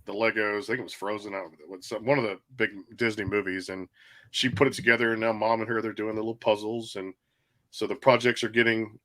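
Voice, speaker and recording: A man in his thirties from Texas hosts a relaxed interview. He asks questions in a loose, rambling way. He often stops to clear his throat. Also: on the low side, quick pace. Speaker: host. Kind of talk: casual interview chat.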